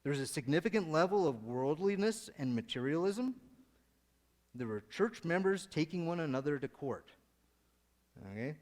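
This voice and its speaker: A man's voice: fairly high pitch, very animated, normal speed, a little mellow. Man preaching, casual and joking, rambling delivery, long church-hall reverb. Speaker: lay preacher. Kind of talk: casual sermon. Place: church sanctuary.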